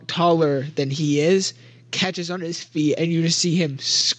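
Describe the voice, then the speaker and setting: Young man, game master, tabletop narration, giggly, rambling, fairly high voice, dry sound. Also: steady tone, moderate pace, no echo. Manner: giggly, rambling with many likes.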